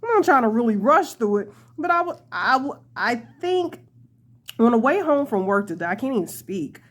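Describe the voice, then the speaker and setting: A woman's voice: on the high side, very animated, moderate pace. A young woman hosting a casual crochet tutorial, chatty and laughing often as she talks to her viewers.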